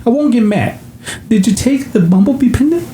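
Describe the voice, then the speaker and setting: A man voicing a tired young mother who begs her son to talk to her, his voice climbing higher and softer as she pleads. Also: lively intonation, brisk, slight background noise. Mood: pleading. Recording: echoey room.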